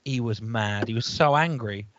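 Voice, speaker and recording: A comedian from England co-hosting a podcast over a video call, rambling through stories and acting out quotes in high voices. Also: male voice, moderate pace, fairly bright tone, no echo. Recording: muffled, dry call audio.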